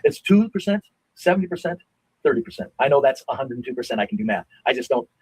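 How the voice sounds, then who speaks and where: A middle-aged man in a heated stream debate, blunt and insistent, sometimes swearing and dropping to a low grumble. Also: very animated, quick pace, darkish tone, slightly rough, dry recording, rough recording.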